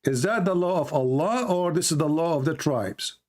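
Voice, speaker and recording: Hoarse guy grilling a caller, keeps repeating himself, kinda high voice. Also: expressive, moderate pace, darkish tone. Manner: pressing, repeats questions, interrupts. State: losing his voice, coughing. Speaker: debate host. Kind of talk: live call-in debate.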